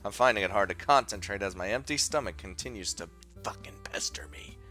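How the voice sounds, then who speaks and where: A man's voice: on the low side, fast talker, sharp tone, faint music behind. A man hosting a let's play, narrating a visual novel and adding casual, self-mocking comments with swearing.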